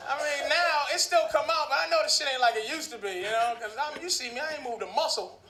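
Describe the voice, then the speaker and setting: A man's voice: very high voice, fast. A man in his thirties doing a stand-up comedy set, profane and conversational with mumbled asides. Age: 30s. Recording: echoey club recording with noise.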